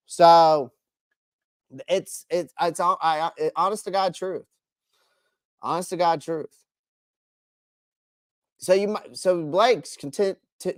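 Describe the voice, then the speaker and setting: A man's voice: on the high side, dry recording, clean studio sound. A man hosting a casual live stream, answering chat by name with strong opinions and frequent restarts.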